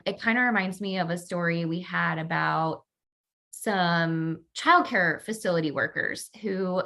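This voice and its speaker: A woman joining a podcast as a guest, chatting casually in an animated, joking way. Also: on the low side, measured pace, vocal fry. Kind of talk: casual chat.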